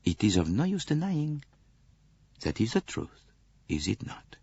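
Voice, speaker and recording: A man voicing a shrewd, fussy Belgian detective with a French accent, insistent and precise, with deliberate pauses. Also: mid-range voice, huge pitch swings, breathy edge, dry recording, highs cut off, pitched above the performer's own voice. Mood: gentle. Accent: French-accented English.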